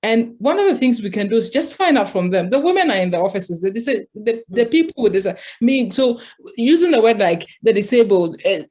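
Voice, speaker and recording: Earnest woman panelist, mid pitch. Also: dark tone. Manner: earnest, restarts often. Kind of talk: panel discussion.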